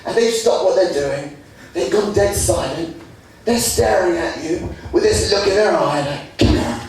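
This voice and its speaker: A young man from England performing a stand-up comedy routine, lively, putting on high voices for the people he quotes. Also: a little slow. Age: young adult. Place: student comedy stage. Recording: echoey room from far off with audience laughter.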